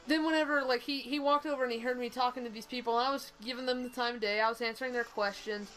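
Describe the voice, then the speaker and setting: A woman's voice: high voice, a bit bright, poor audio. Blunt young Southern woman rambling. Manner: rambling, blunt, swears freely. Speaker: co-host of a game stream. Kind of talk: casual storytelling chat.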